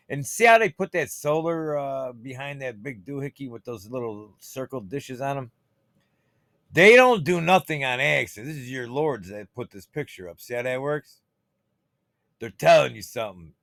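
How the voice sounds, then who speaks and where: Man, gravelly voice, profane rambling commentary, dry close sound. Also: medium pitch, a bit bright, dry recording. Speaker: channel host. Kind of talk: casual screen-share commentary.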